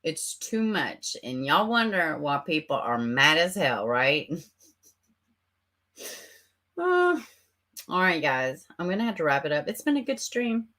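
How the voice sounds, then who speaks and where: Woman, casual livestream host, sarcastic, swearing, very lively pitch, close camera mic. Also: unhurried, pauses often. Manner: sarcastic, animated, swears and laughs often. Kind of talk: casual livestream chat reading comments. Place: home, close to a webcam.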